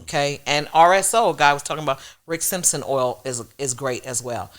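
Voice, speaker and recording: A woman's voice: low-pitched, a little fast, fairly bright tone. A woman who is a guest comedian, chatting casually and explaining things plainly. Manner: explains plainly, gives short agreeing replies. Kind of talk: casual chat.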